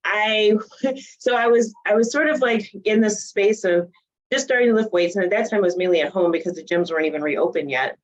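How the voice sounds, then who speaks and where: A woman in her forties telling her story in a casual interview, animated and laughing often. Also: medium pitch, brisk, lo-fi sound. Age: 40s. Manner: animated, laughs often, acts out quoted voices. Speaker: guest, bodybuilding coach.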